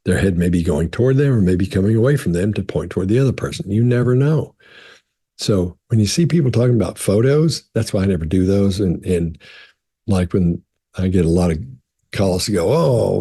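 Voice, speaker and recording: A man's voice: low voice, warm tone, breathy edge. A man, a body language expert, answers viewer questions in a casual, conversational way and often repeats words as he restarts. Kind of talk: casual explanatory talk.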